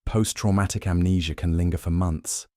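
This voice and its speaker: A man's voice: sits low, steady tone, normal speed, warm tone, no echo, studio quality, lightly acted. A man doing a guarded, defensive doctor. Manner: clipped, defensive.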